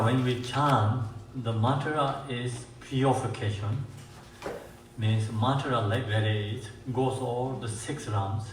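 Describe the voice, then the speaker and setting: A man with as his language gives a dharma teaching as a Buddhist teacher. He talks haltingly, with many fillers and restarts, and slows down to chant mantras. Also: medium pitch. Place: meditation centre hall. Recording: echoey room, mic far off, faint hiss.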